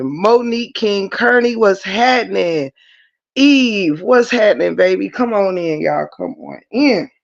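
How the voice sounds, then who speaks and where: Slow, gravelly livestream host. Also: mid-range voice, muffled recording. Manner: affectionate, greets and shouts out viewers by name. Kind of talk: casual live chat with viewers.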